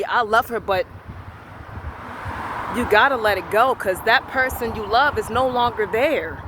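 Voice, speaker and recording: A man giving a slow, earnest spiritual affirmation monologue, repeating his phrases as a motivational vlogger. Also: high voice, background noise.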